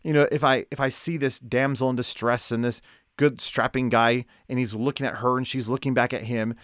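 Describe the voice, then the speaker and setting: A man teaching a lesson on Bible study in a lively, conversational way, asking rhetorical questions. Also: mid-range voice, brisk, dry recording, clean studio sound.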